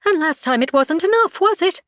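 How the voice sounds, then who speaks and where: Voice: very high-pitched, expressive, moderate pace, a bit bright, no room sound, voice pushed up. A woman voicing a bitter grieving mother who speaks sharply, on a slightly dull recording.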